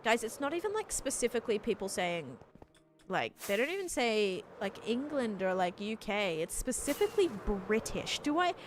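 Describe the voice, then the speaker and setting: A woman's voice: fairly high pitch, very animated, moderate pace, a little hiss or hum. A woman with an Australian accent chatting casually while gaming live, rambling and filling her talk with "like". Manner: rambling, chatty, heavy use of "like". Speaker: livestreamer.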